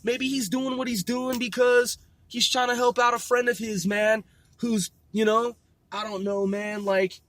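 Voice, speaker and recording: A high-pitched man freestyles profane rhymes and rambles between them. He shouts lines off the cuff while driving. The sound is dry and close, with no room echo. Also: level tone, a little slow. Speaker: podcast host and rapper. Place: in a car, driving.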